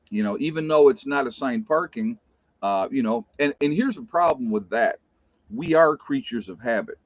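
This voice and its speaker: A middle-aged man with an Appalachian American accent talks casually to his live-stream viewers. He rambles, loses his thread and answers the chat as he goes. His voice sits in a middle pitch, and the recording is dry and a little dull, with a lo-fi edge. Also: no room sound. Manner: rambling, loses his train of thought, reads chat aloud. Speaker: livestream host. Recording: dull, slightly lo-fi dry sound.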